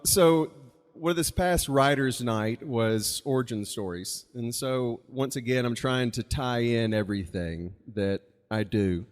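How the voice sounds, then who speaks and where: A Mississippi man with a medium-pitched, slightly mellow voice tells a rambling, casual story at a live open mic, tossing in chuckling asides. The live venue gives the recording a long reverb.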